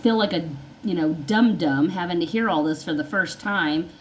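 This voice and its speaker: A woman's voice: fairly low pitch, normal speed, slight background noise, rough recording. A woman telling her own story in a casual, rambling way, often acting out what people said. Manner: rambling, conversational, repeats herself, acts out dialogue. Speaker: vlogger sharing her story.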